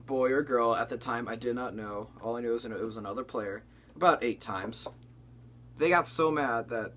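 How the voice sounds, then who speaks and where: A man's voice: mid-range voice, a bit bright. A young man hosting a comedy chat, telling a story in a rambling, casual way with lots of restarts. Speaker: comedy channel co-host.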